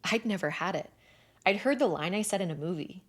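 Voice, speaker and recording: A woman narrating a first-person romance novel in an expressive, animated way with breathy asides. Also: fairly low pitch, fairly quick. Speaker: audiobook narrator.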